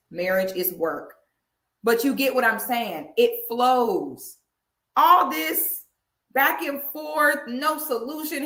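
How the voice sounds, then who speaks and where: A woman's voice: fairly high pitch, sharp tone. A woman host giving blunt, slangy reaction commentary. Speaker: show host. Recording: echoey room.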